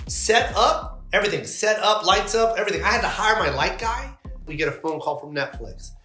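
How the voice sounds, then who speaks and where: A man's voice: high-pitched, lively intonation, brisk, sharp tone, roomy sound, soft background music. A male comedian talking in an interview, emphatic and indignant, with a lot of swearing. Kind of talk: animated interview talk.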